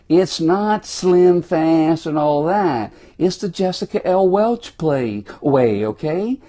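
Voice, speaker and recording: Cajun guy from south louisiana hyping his viewers on a phone stream, mellow voice, folksy and loud about it. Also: a little high. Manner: folksy, exuberant, talks straight to viewers. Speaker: motivational speaker. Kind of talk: live-streamed motivational talk. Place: indoors, small room.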